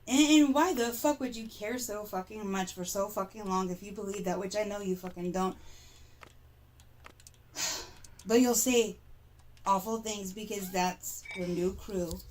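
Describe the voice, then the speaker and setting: Streamer woman venting, fed up, swearing a lot, middle pitch. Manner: exasperated, heavily profane ranting. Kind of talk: livestream rant.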